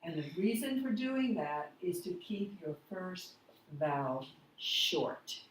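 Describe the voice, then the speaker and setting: A woman teaching a phonics lesson, speaking deliberately and spelling out words letter by letter. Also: on the low side, sing-song. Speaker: reading teacher. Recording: echoey room, voice from a distance, faint noise.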